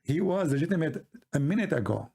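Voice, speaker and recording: A man from the Middle East with a high voice for a man, hosting a heated debate. He mocks his opponent, jumps into folk stories and speaks animated, broken English. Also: a little fast, creaky, breathy edge. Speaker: debate host. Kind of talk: argumentative debate talk.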